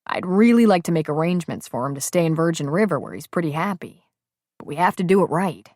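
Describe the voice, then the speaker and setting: Woman doing easygoing joking dad, relaxed, friendly, dry studio sound. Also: on the low side, fast, dry recording. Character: friendly, easygoing married man, a new father.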